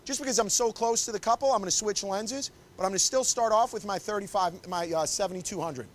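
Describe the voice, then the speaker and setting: Male photographer-instructor, high-pitched, encouraging, keeps directing poses on a body mic. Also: quick pace, slight background noise. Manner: upbeat, coaxing, directs the couple constantly. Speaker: wedding photographer teaching. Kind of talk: live posing demonstration. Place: confined indoor shooting space.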